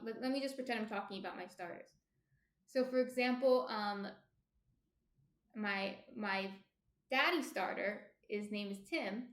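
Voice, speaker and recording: Her voice is a little high and somewhat bright, carrying in an echoey room. She's a New Jersey woman with the local accent, casually chatting and responding to comments during a baking livestream.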